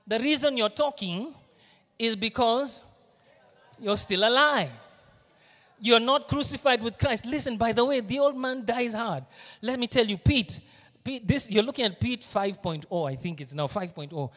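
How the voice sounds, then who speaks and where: A man with a Kenyan accent preaching a sermon as pastor, animated, moving from hushed asides to loud emphasis. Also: very high voice, moderate pace, big-room sound. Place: church auditorium.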